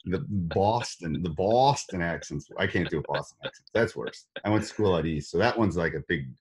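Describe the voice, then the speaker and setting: Man, wisconsin accent, very low voice, podcast host, rambling casual chat. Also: moderate pace, slightly rough. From Wisconsin, USA. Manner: rambling, repeats words, self-interrupting.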